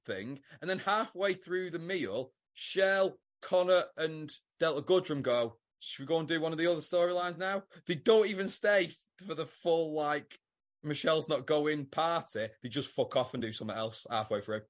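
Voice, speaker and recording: A British man co-hosting a podcast in casual chat, animated and sweary, acting out scenes. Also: fairly high pitch, moderate pace. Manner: animated, sweary, acts out scenes in put-on voices. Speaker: podcast co-host.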